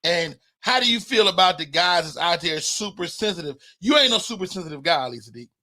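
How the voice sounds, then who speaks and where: A man's voice: high voice, expressive, brisk, pushed and bright. A man hosting a live talk show, arguing in emphatic, profane, casual comedic debate. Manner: emphatic, profane, stammering restarts. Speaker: podcast host.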